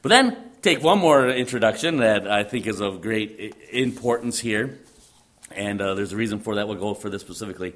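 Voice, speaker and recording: A man's voice: lowish voice, expressive, brisk, a bit bright. A man preaching a sermon, teaching emphatically and repeating phrases for stress.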